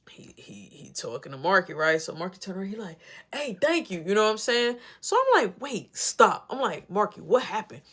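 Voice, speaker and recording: Animated woman telling a story. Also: medium pitch, a little fast. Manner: animated, acts out both sides of the dialogue; rambling retelling with many repeats of "I'm like". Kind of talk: casual storytime.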